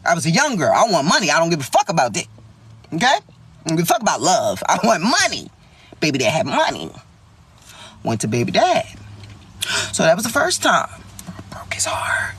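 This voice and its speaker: A young woman telling a story in a vlog, animated, slangy and full of swearing. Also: on the low side, brisk, pauses often, slightly rough.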